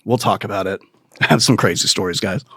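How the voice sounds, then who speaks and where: A man's voice: fairly low pitch, brisk, fairly bright tone, slightly rough, no echo, studio quality. A man hosting a comedy podcast, telling crude, rambling stories in a profane, self-mocking way and laughing at his own jokes. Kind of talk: crude comic storytelling monologue.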